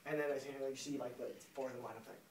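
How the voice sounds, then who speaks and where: A man's voice: medium pitch, fairly even intonation, very fast, a loud crowd. A young man giving a casual class presentation, jokey and rambling, full of fillers. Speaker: student presenter. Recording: roomy classroom, distant mic, loud class laughter.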